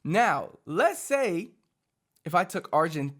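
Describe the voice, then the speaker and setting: Animated Puerto Rican man coaching languages. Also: a little high, slow. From Puerto Rico. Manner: animated, chatty, many fillers like "like". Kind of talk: casual teaching monologue.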